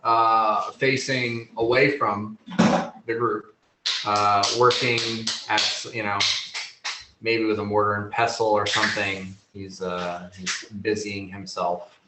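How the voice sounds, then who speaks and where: A man narrating as game master, slow and loose, with many ums and you-knows. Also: fairly low pitch, flat delivery. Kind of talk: improvised tabletop game narration. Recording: echoey room, faint noise.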